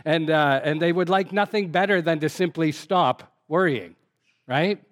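An older man leads a Bible study sermon in a loose, chatty teaching style. His voice sits a little high for a man, and he pads his points with ums and uhs as he reads scripture aloud. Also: a little slow. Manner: relaxed conversational teaching with frequent fillers. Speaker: pastor.

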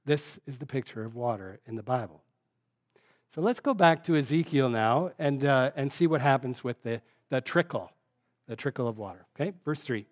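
A man's voice: mid-range voice, lively intonation, normal speed. A man preaching a teaching sermon, reading scripture aloud and talking with the congregation in a conversational way.

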